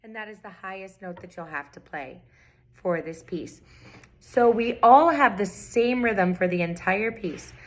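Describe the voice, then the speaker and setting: A woman's voice: medium pitch, lively intonation, a little slow, background noise. A middle-aged woman teaching a recorder lesson, patiently repeating key points and chanting rhythms aloud. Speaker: music teacher. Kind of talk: recorder tutorial.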